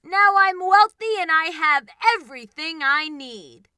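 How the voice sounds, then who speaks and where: A woman's voice: very high-pitched, a little slow, sharp tone, no room sound, clean studio sound, exaggerated voice. A woman reading as Scrooge, an old miser. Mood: proud. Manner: storybook reading, barely changed voice. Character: rich old miser man, regretful then joyful.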